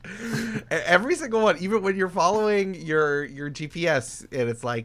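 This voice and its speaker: A man from New York State chatting casually as a podcast guest, telling animated stories with quoted outbursts. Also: a little high, normal speed.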